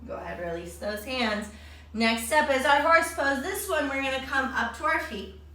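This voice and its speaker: A woman's voice: sits high, lively intonation, normal speed, sharp tone. A woman leading a children's yoga class, upbeat and encouraging, calling the kids her friends. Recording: very echoey room, voice from far off.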